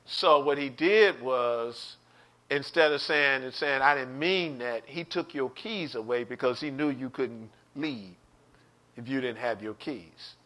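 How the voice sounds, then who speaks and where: A man's voice: medium pitch, measured pace, a bit bright. A man teaching an online Bible study sermon, preaching with animation, acting out quotes and speaking straight to his listeners.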